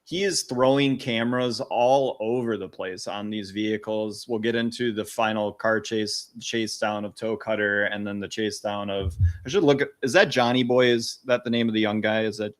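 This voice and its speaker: Low-voiced man recapping a film. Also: moderate pace, few pauses. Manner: relaxed recapping with frequent fillers. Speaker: podcast co-host. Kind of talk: casual film discussion podcast.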